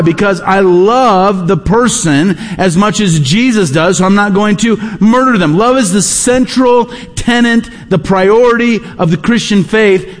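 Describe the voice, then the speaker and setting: A man's voice: high-pitched, long reverb tail. A man preaching a sermon, emphatic and repeating his key phrases. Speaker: pastor.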